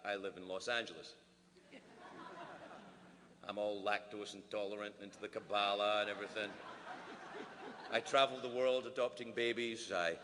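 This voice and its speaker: A Scottish man doing stand-up comedy at a formal dinner, animated, full of quick asides and mock-voiced quotes. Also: on the low side, noisy background. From Scotland. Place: large banquet hall. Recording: roomy hall with faint ambience.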